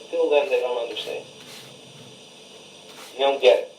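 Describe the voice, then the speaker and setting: An older man, a rabbi, giving a Torah class, who chants Hebrew phrases slowly and then explains them in a conversational tone. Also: mid-range voice. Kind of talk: Torah lecture, translating Hebrew verses line by line. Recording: roomy recording from a distance with faint hiss.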